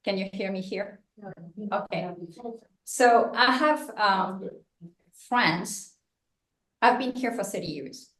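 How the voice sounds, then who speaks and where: A woman's voice: mid-range voice, takes it slowly, long pauses, fairly bright tone. Fiery woman candidate in an echoey room. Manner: impassioned, joking, blunt. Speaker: political candidate. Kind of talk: campaign speech at a meeting.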